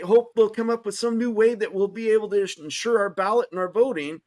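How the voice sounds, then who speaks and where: Fiery man ranting, high voice. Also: a little fast. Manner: fiery, swearing, emphatic. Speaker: host. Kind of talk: impassioned political talk show rant.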